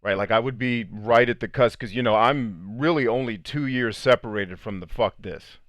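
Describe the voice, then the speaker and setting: A man's voice: medium pitch, moderate pace, a bit bright, no room sound, studio quality. A man hosting a podcast who talks candidly and loosely and swears casually. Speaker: podcast host.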